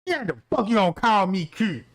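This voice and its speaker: A man with a country-sounding voice hosting a stream, ranting in a brash, profane, animated way. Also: high voice, normal speed, vocal fry, no room sound. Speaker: livestream host. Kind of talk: casual ranting commentary.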